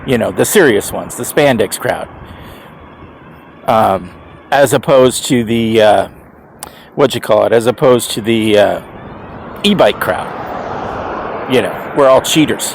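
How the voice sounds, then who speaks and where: A man's voice: medium pitch, unhurried, vocal fry, pauses often, background noise. A man over fifty rambling casually to camera, chuckling often and restarting his sentences with emphatic repeats. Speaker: e-bike rider vlogger.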